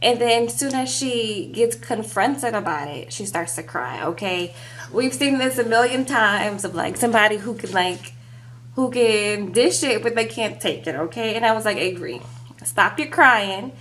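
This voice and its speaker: There's a faint hiss or hum as a young woman gossips through a reality TV recap, animated and sassy, constantly saying "like" and "okay." Her voice is a little high and her speed normal.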